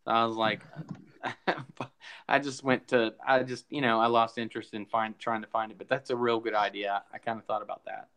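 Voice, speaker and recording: A man's voice: on the low side, flat delivery, normal speed, a bit bright, smooth, low-quality recording. Guy rambling on a fan podcast, kinda out of breath, lots of uhs. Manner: rambling, full of fillers and restarts. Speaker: podcast co-host. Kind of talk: casual chat.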